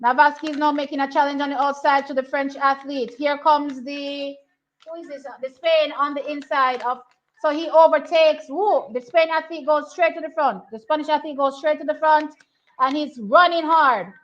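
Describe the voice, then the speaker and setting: A young woman giving casual live commentary on a track race, excitable and repeating herself as she thinks aloud. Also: high-pitched, normal speed. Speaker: track and field watch-along host. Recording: slightly muffled lo-fi audio.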